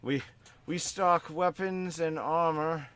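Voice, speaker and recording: A man's voice: slow, a bit bright, clean tone. A man putting on a scared young armory boy who stammers and stumbles through every answer. The voice sits well above his own and comes out small and nervous. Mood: timid stammer. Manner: stammering, high and timid. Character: frightened stammering young boy shop assistant.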